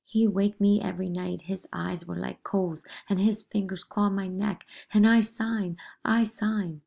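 A woman's voice: mid-range voice, steady tone, measured pace, vocal fry, warm tone. Woman voicing a hysterical teenage girl. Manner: sobbing, breathless, pleading.

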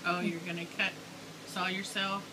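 A woman's voice: on the low side, little pitch movement, moderate pace, sharp tone. A woman vlogging with her young son, talking to him in a playful, sing-song way. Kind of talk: casual home video chat. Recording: noisy home video recording.

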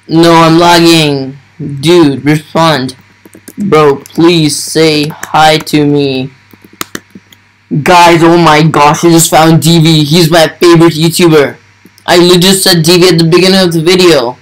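A man's voice: on the high side, rough recording. A man giving casual gameplay commentary, thinking aloud and talking to his viewers as he plays. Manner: thinks aloud while playing, talks to viewers. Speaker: gaming YouTuber.

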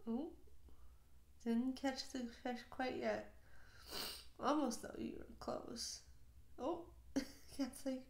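A woman's voice: sits high, fairly even intonation, slow pace, pauses often, darkish tone. A woman hosting a casual reaction video, gushing over animal clips with lots of exclamations and giggles. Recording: roomy echo.

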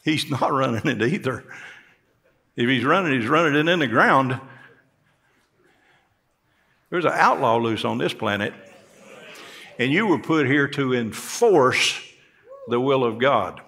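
A man preaching a sermon to his congregation, his voice carrying a rough, gravelly edge. He talks in a folksy way and climbs sharply in pitch to stress his key points. His voice sits at an ordinary middle pitch between those peaks. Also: animated, unhurried, fairly bright tone. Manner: folksy preaching, rising emphatically on key words. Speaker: pastor. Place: church sanctuary.

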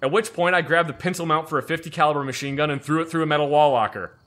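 A man recounts an old army story in a bright, slightly high voice. His delivery is animated and loose, with frequent swearing. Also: very fast, few pauses. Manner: animated, profane, acts out quoted people. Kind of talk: casual storytelling chat.

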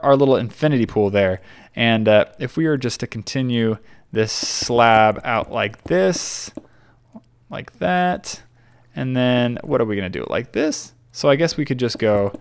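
A man's voice: mid-range voice, lively intonation, measured pace, clear, resonant tone. A young man chatting casually while building in Minecraft, rambling and often stumbling over his words. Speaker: gaming YouTuber.

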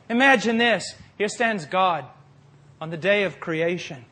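A man preaching a sermon with passion, moving from quiet, deliberate phrases to forceful peaks. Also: high voice. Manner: impassioned, swings from quiet to forceful.

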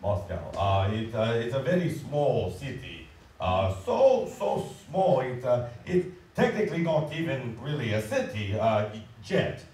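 A man playing a smooth-talking suitor who fakes a Spanish-style accent, halting and full of fillers, recorded in an echoey hall from far away. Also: mid-range voice, big pitch swings, darkish tone, slight background noise. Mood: bluffing. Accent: put-on Spanish-style accent. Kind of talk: community stage musical acting.

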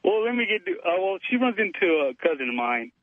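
A man's voice: high-pitched, very animated, quick pace, no room sound. A man calling in to a radio show over the phone, telling a story in a boastful, chatty way and calling the host dude. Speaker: caller. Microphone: telephone. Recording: tinny phone line.

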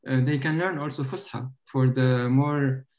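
A man hosting a casual panel discussion over a video call, thinking aloud with lots of halting restarts. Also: medium pitch, steady tone, darkish tone, poor audio. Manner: hesitant, many restarts, laughs easily. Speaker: panel host.

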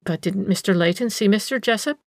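A woman's voice: mid-range voice, brisk, creaky, darkish tone, no echo, lightly acted. A woman voicing a wary aunt in a storybook reading, asking dry, questioning remarks. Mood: suspicious.

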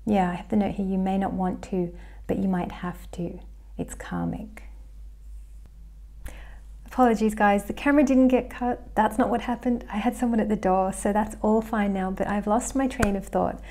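A woman's voice: medium pitch, steady tone, fairly quick, warm tone. An Australian woman talking casually to camera about astrology at home, thinking aloud with small restarts.

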